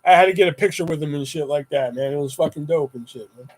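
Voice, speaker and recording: Young man, high voice, casual livestream host, profane rambling chat, animated storyteller, desktop mic. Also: fast, low-quality recording. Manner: animated retelling with high-pitched quoted exclamations. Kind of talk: casual live-stream chat.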